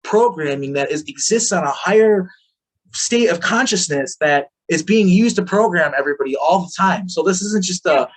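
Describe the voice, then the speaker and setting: A man's voice: high-pitched, animated, normal speed. A man telling a story as an interview guest, rambling, full of fillers and swearing freely. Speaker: podcast guest.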